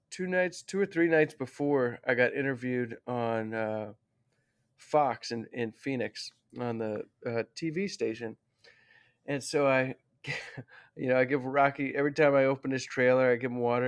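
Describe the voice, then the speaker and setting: A man who is a guest on an interview show, telling a story in a rambling, heartfelt way and often correcting himself. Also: medium pitch.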